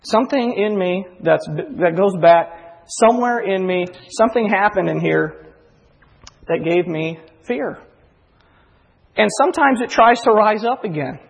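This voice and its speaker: A man's voice: high voice, expressive, unhurried, gravelly, husky, long reverb tail. A male pastor preaching a sermon in a church, earnest and confessional, often acting out inner voices. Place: church sanctuary.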